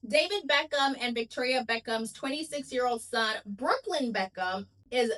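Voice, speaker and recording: A woman's voice: a little high, fairly bright tone, poor audio. A woman host giving casual gossip commentary, chatty and wry, with frequent laughs and asides.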